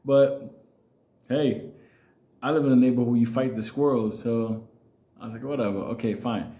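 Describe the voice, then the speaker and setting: A man with a New York accent spins a casual, swearing-heavy comic story, chuckling between lines. His voice is mellow and dark, and it rings a little in an echoey room. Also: mid-range voice, steady tone, normal speed. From New York City. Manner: profane, laughing, comic exaggeration.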